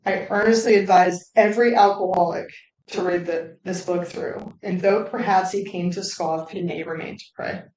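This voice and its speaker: A woman hosting a recovery talk, speaking bluntly with constant swearing and animated asides. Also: lowish voice, normal speed, reverberant, recorded from a distance, low-quality recording. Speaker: recovery channel host. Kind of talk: casual candid talk.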